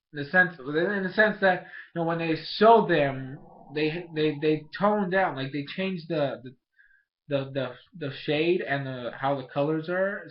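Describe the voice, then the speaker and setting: A man casually reviewing a cartoon episode, rambling with many restarts and fillers, getting excitable. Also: fairly high pitch, dull audio.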